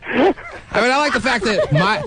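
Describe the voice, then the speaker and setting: A man's voice: very high voice, wildly swooping pitch, moderate pace, background noise. A man hosting a radio talk show, teasing and blunt in casual banter.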